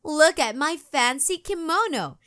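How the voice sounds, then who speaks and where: Sassy little schoolgirl in a storybook, read by a woman, eager and emphatic, unhurried. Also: sits high, animated, bright, forceful tone, voice pushed up, exaggerated voice.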